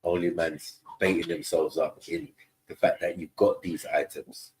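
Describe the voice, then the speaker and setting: A man's voice: low voice, fairly even intonation, measured pace, darkish tone, a little hiss or hum, poor audio. A man, chatting casually on a livestream panel in laid-back slang. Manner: laid-back slangy talk, frequent "you know what I mean".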